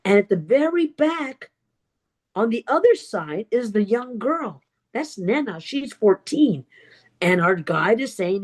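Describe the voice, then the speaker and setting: A woman gives a storytelling speech at a public speaking club, with a slightly high voice and an unhurried, deliberate pace. She leans into pauses and repeated words, and she voices the other people in her story. Her delivery is theatrical and emphatic. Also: sing-song. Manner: vivid storyteller who acts out other people's lines.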